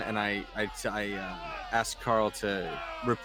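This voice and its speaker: A man with a lowish voice taking his turn in a tabletop game. He speaks formally as his devout character and stumbles over words when he steps out of it. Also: level tone, slow, noisy background. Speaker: player. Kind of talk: playing a pious knight in a tabletop game.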